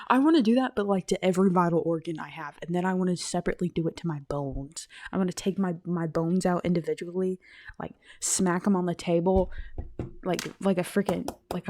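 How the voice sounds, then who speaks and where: A young woman hosting a casual solo podcast. She rambles, restarts her sentences, laughs at herself, and often trails off quietly. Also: fairly low pitch. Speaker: podcast host.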